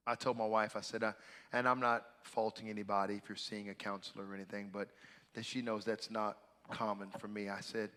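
Man preaching, hushed to shouting. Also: lowish voice, flat delivery, brisk, big-room sound. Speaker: pastor. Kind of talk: sermon.

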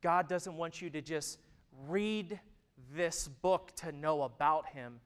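A man in his thirties preaching a sermon, who moves from loud, emphatic stretches to hushed, intimate ones. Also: fairly high pitch, slow, smooth. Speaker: pastor.

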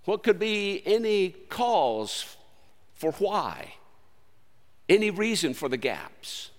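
High, lively man preaching in a hall. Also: slow. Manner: earnest, conversational preaching with sudden swings from loud to quiet. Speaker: pastor. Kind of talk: sermon.

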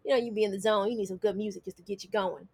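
A woman's voice: mid-range voice, fairly even intonation, racing, creaky, darkish tone, husky. A woman co-hosting a casual chat, teasing and playful as she tells stories. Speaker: podcast co-host.

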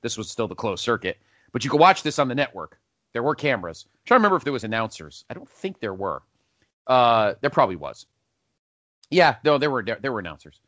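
Animated man hosting a rambling podcast. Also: medium pitch, no room sound, dull audio. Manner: rambling, self-correcting, animated. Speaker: podcast host. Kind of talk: casual wrestling podcast countdown.

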